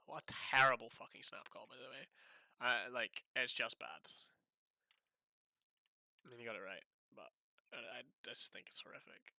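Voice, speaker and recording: A man's voice: mid-range voice, dry recording. A man commentating his own live poker session, exasperated and swearing, swinging from outbursts to muttering to himself. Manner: animated outbursts that drop to muttering.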